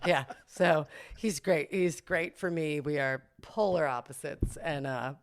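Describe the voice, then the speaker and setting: A middle-aged woman, a podcast guest, telling an anecdote in an animated, self-mocking way, laughing often and acting out the voices of people in her story. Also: low-pitched, a little slow. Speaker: podcast guest, boutique owner.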